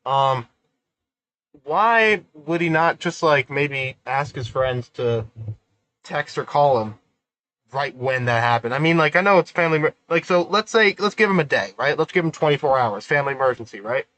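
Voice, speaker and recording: A man's voice: fairly high pitch, lively intonation, moderate pace, fairly bright tone, low-quality recording. A man hosting a livestream, reacting casually to a clip, rambling with fillers and eating while he talks.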